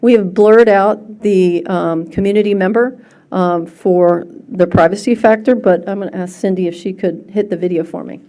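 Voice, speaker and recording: A woman's voice: medium pitch, steady tone, moderate pace, dark tone. A woman presenting at a city council meeting, talking in an earnest, slightly hesitant way. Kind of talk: formal presentation.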